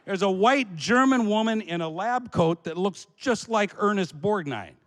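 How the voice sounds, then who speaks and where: A man's voice: high-pitched, a little slow, a little hiss or hum. Laughing storyteller man in an echoey hall. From Alaska. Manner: animated, laughing through the story. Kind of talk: comic storytelling.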